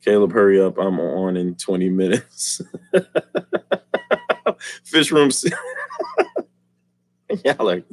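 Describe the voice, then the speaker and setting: A man's voice: deep voice, expressive, moderate pace, darkish tone, no room sound. A man hosting a casual live stream, joking and teasing the chat and laughing often. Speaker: livestream host.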